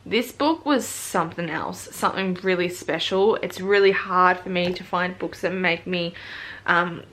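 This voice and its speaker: A young woman chats to camera about a novel, rambling and casual, dropping "like" constantly and cursing without a second thought. Her voice sits a little low for a woman, and she talks loosely and unscripted. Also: measured pace, a bit bright. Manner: chatty, fills speech with "like", swears freely. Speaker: book vlogger. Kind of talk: casual vlog chat about a book.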